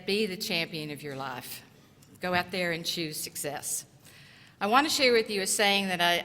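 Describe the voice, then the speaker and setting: Woman, middle-aged, graduation speaker, lowish voice, forceful, earnest, encouraging, podium mic, echoey auditorium. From southeast Tennessee. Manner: earnest, encouraging, speaks in short, measured phrases. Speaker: commencement speaker and college instructor. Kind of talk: graduation speech. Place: large auditorium. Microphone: podium microphone. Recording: echoey hall reverb.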